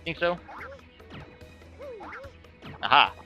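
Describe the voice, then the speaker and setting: A man casually commentating a game playthrough in a laid-back, rambling, self-deprecating way. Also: extremely slow. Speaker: let's play host. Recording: dull lo-fi with music.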